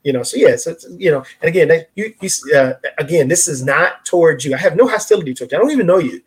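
A man's voice: fairly high pitch, lively intonation, quick pace, slightly rough. A man in an impassioned casual discussion, speaking in a preacherly way with many restarts as he cites scripture.

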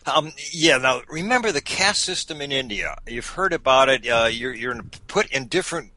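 A man's voice: medium pitch, moderate pace, no echo. A man telling travel stories in a casual interview, laughing often and restarting his sentences. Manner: animated, laughing storyteller with many restarts. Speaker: podcast guest recounting a sailing voyage.

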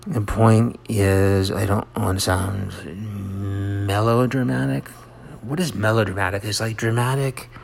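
A man hosting his own show in a rambling personal monologue, halting and self-deprecating, often trailing off into a whisper. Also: lowish voice, steady tone, gravelly.

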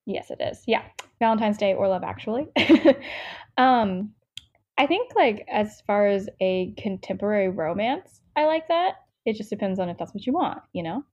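In a casual book review chat, a young woman from the United States co-hosts a book podcast, rambling and interrupting herself with lots of filler words. Her mid-range voice is expressive, darkish in tone, and at normal speed, though the sound is dull.

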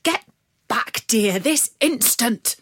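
A woman's voice: a little high, expressive, takes it slowly, a bit bright, no echo, studio quality, heavily acted. A woman voicing an anxious older nobleman father who speaks in a fearful, pleading way in a storybook reading.

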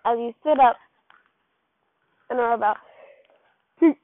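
A woman's voice: on the high side, takes it slowly. A woman casually reading a second-person fan fiction story aloud, with a loose, rambling delivery full of slips and restarts. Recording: tinny, phone-like dry recording.

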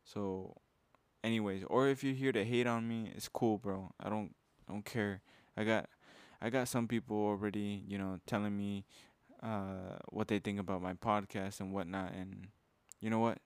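Fired-up casual young man, low voice. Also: fairly even intonation, moderate pace, smooth, no echo. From Mexican heritage. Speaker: podcast host. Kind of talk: motivational podcast monologue.

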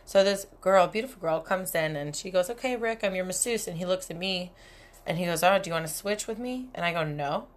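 A young woman hosts a casual solo podcast and talks straight into the mic. Her voice sits a little low, and she is candid and profane. She laughs often between her lines. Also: fairly quick. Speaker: podcast host. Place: cabin.

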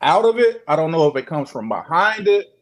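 Animated, profane man telling a story. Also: on the high side, a little fast. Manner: animated, profane, repeats himself. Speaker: guest sharing a sighting story. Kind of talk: casual storytelling on a video call show.

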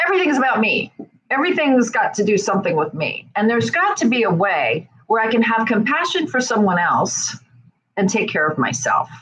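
A woman gives a conversational self-help talk with a lively, swooping pitch. She speaks straight to her listeners and keeps checking in with them. Her delivery is animated. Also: poor audio. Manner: animated, acts out quoted voices; talks straight to the listener with frequent "right?".

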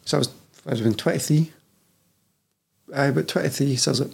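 A man's voice: medium pitch, fast talker, creaky, pauses often, darkish tone, breathy edge. A Scottish man in his thirties, a personal trainer talking candidly as a podcast guest, swearing freely and calling the host "mate" constantly. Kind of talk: casual podcast chat.

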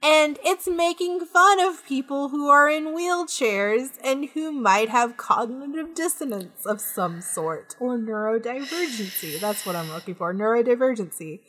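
A woman co-hosting a podcast, ranting in animated, profane chat. Her voice sits a little high for a woman. She is recorded close on a podcast microphone. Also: a little slow, hardly any pauses. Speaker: podcast co-host. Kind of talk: casual chat.

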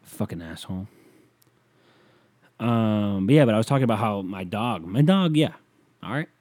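A young man hosting a solo podcast, rambling casually, swearing often and mumbling asides in a deadpan way. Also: fairly low pitch, moderate pace, no echo, studio quality. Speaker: podcast host.

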